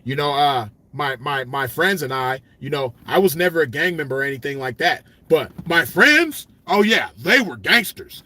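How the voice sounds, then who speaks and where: A man's voice: a little high, lively intonation, bright, forceful tone, pitched below the performer's own voice. A man mocking a prim, nerdy wannabe tough guy. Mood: mock-earnest. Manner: stiff, proper wording, slow and subdued. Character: prim, nerdy man faking a criminal past.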